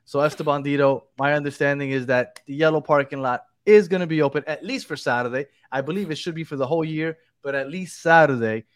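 A man's voice: fairly high pitch, fast, few pauses, no room sound. A man hosting a podcast, giving updates in a rambling, casual chat. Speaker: podcast host.

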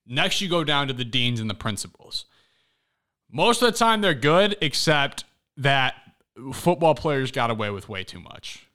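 A young man hosting a podcast, chatting casually and telling stories in an animated, excitable way. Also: mid-range voice, unhurried, clear, resonant tone. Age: young adult. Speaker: podcast host. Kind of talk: casual chat.

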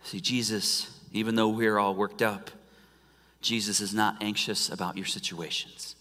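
A pastor delivers a sermon in a church sanctuary. His tone is bright and forceful, and he often drops from loud emphasis to near-whispers. The voice carries a long reverb from the hall. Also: lowish voice, fairly even intonation, unhurried.

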